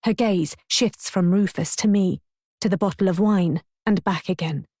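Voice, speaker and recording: A woman's voice: medium pitch, moderate pace, dark tone, dry recording. A woman narrating a first-person audiobook in a wry, mocking tone.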